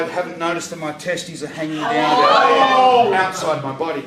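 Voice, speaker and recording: A man telling a profane stand-up story, breaking into loud shouts at punchlines. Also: fairly high pitch, sing-song, normal speed, hardly any pauses, heavy background noise. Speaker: stand-up comedian. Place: comedy venue stage, audience laughter. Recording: echoey live venue from far off.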